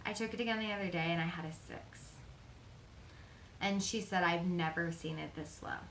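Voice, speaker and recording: A woman's voice: lowish voice, normal speed, fairly bright tone, slight background noise. A young woman vlogger talking openly and earnestly about her life, chatty with frequent fillers. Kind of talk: personal confessional vlog. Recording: echoey room.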